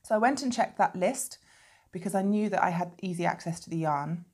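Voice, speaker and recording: Chatty low-voiced woman knitting podcaster. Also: a little fast, darkish tone. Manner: chatty, with digressive asides. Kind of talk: casual chat showing knitting to camera.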